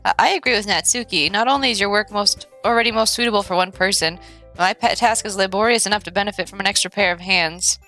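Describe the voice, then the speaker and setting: A woman voicing a shy teenage girl in a game who grows possessive and intense, read in a soft, creeping way. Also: medium pitch, fast talker, faint music behind, close to an everyday voice, low-quality recording. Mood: polite.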